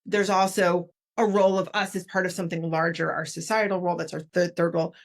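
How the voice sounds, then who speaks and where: A woman's voice: fairly low pitch, fast talker. A woman author and leadership consultant, a podcast guest, explaining her ideas and acting out how greetings can sound. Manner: animated, demonstrates tones of voice while explaining. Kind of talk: podcast interview.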